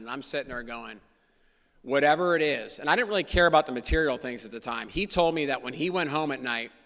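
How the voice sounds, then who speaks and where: A man speaking to a meeting in an earnest, emphatic way, circling back to the same phrases for weight. His voice is gravelly and bright-edged, and it rings out with the long reverb of a meeting hall. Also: mid-range voice. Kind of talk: personal recovery story told to a meeting.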